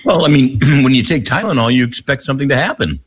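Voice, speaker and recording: A middle-aged man, a priest guest on a radio talk show, speaking haltingly and clearing his throat often. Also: medium pitch, animated. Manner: halting, many restarts and fillers, clears throat. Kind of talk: prayer and conversational explanation.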